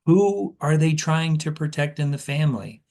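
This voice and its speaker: A man coaching telesales agents in a casual, conversational way, with lively inflection and frequent fillers. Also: a little high, moderate pace. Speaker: sales trainer.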